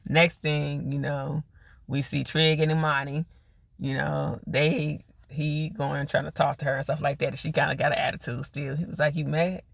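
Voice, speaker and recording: A man's voice: a little high, flat delivery, normal speed, vocal fry, fairly bright tone, no room sound. A man giving a casual recap of a TV episode. He retells the scenes in quoted dialogue and reacts to the characters with laughs. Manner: loose, chatty, full of fillers like "you know" and "or whatever". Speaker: TV episode reviewer.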